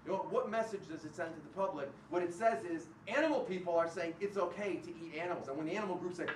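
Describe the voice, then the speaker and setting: A man giving a public university lecture, animated and sarcastic, often acting out the voices of the people he quotes. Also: a little high, fast, hardly any pauses, far from the mic, a little hiss or hum. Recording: roomy hall picked up from afar.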